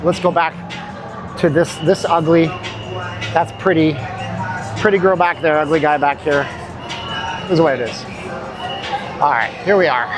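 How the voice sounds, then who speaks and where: A man's voice: fairly high pitch, fairly even intonation, normal speed, pauses often, music in the background. A man hosting a casual walking livestream, tired and winded, rambling and joking as he talks to his chat. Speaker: livestream host. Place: city street outdoors. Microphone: handheld phone. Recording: phone mic on a noisy street.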